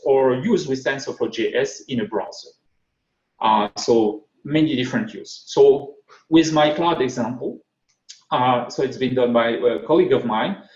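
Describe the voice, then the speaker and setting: Conference speaker, male, strong French accent, halting delivery full of ums and restarts, echoey and dull lo-fi sound. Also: mid-range voice, a little mellow. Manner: hesitant, many fillers and restarts. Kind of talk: technical talk.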